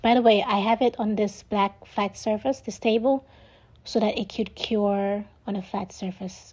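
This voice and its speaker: Breathy woman narrating a craft voiceover. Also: mid-range voice, normal speed, a little mellow, low-quality recording. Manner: chatty and enthusiastic, repeats herself. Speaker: crafting video creator. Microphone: voiceover mic.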